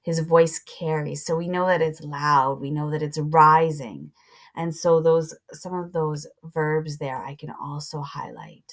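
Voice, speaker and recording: Low-voiced woman teaching a reading lesson. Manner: slow, deliberate teaching voice, pausing to annotate. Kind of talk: reading a passage aloud and explaining it to students.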